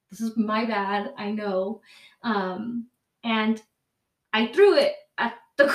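A woman's voice: fairly high pitch, far from the mic. A young woman casually telling a story, rambling and profane, full of fillers and self-corrections. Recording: echoey room, voice off-mic.

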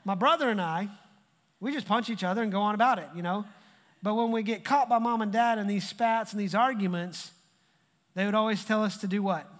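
A man's voice: sits high, brisk. A male pastor delivering a sermon in a conversational way, repeating phrases for emphasis. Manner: conversational preaching with emphatic repetition. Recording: long hall reverb.

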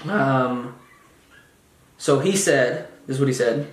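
A man's voice: mid-range voice, slow, pauses often. A young man telling a story in a casual monologue, blunt and heavily profane, mocking other people's voices. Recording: roomy echo.

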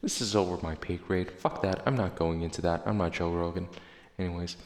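A man's voice: deep voice, fairly even intonation, a little fast. A male podcast host in casual chat, reading listener replies aloud in a profane, sarcastic, rambling way. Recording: echoey room with long reverb.

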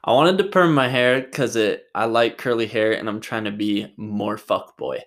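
A man's voice: lowish voice, normal speed, fairly bright tone. A young man from Utah casually answering viewer questions in a vlog. He rambles, jokes and swears freely. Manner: rambling, jokey, swears a lot. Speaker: vlogger.

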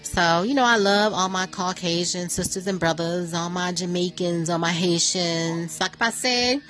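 A woman hosting her own radio show, talking casually and joking through a playful, animated story. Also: fairly low pitch, moderate pace, soft background music. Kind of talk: casual chatty monologue. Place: New York.

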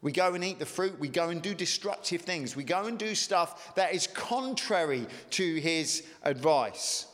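A male pastor preaches with emphatic force, his fairly high voice leaping up on key words. The recording carries the long reverb of a large church hall. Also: lively intonation, a little slow, few pauses, a bit bright. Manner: emphatic preaching with sudden rises in pitch. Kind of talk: sermon.

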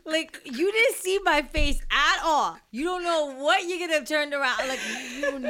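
High bright-voiced young woman co-host. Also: animated, measured pace. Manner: playful, laughing, blunt slang. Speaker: podcast co-host. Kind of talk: casual chat.

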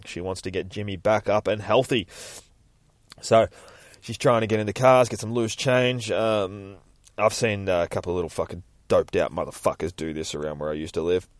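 A man rambles through a comic book story, swearing freely. His voice sits low and sounds dry and close to the mic. He records outdoors near his work. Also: fairly even intonation, normal speed, no room sound. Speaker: podcast host. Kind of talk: casual comic book retelling.

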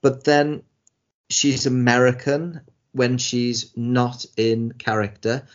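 A man chatting about television, tumbling over his words with lots of restarts and an exasperated edge. His voice sits at an ordinary middle pitch. The recording sounds dull and lo-fi. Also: flat delivery, slow pace. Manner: rambling, frequent restarts, exasperated. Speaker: podcast co-host. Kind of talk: casual chat reviewing TV shows.

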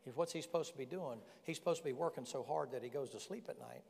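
A man preaching a sermon as pastor, folksy and animated, firing rhetorical questions at the congregation. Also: mid-range voice, fast talker, vocal fry. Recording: long reverb in a large hall.

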